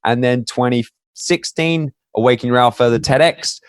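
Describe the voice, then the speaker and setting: A man's voice: medium pitch, moderate pace, smooth, no room sound, clean studio sound. A man, a guest in a casual interview, telling stories with many fillers and restarts. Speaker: podcast guest.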